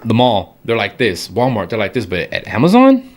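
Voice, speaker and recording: Young male podcast co-host, low voice, energetic storyteller who acts out quotes in bursts. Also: fairly quick. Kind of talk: casual chat, storytelling.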